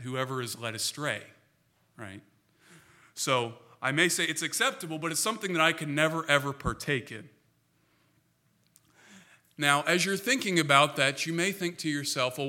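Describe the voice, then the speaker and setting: A pastor delivers his sermon in an earnest, emphatic way, pausing to put rhetorical questions to his listeners. His voice is strikingly bright and sits a little high for a man. He sounds like he is speaking to a congregation in church.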